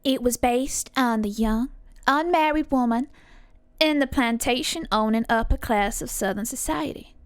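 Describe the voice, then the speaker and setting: Young woman, streamer, casual, chatty, swears now and then, highish voice, dry sound. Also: moderate pace, clear, resonant tone, dry recording. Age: young adult. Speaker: streamer teaching accents. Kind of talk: casual live-stream chat.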